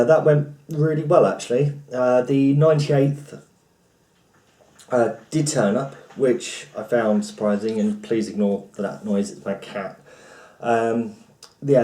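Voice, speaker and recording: A man's voice: lowish voice, warm tone. A man chatting casually at home as a vlogger, rambling with many restarts while recapping a role-play event. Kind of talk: casual chat. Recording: roomy, from far off the mic.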